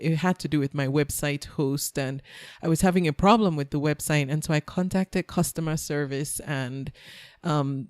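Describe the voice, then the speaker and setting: Brief: low-pitched woman host, chatty, dry close sound. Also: a little mellow, no room sound. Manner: chatty, restarts her sentences often. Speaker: podcast host. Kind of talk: casual interview chat.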